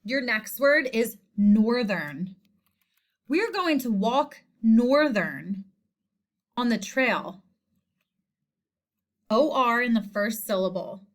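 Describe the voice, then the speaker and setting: A woman teacher giving a spelling lesson, speaking slowly and deliberately and repeating each word. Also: fairly high pitch, expressive. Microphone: screen recording voice-over.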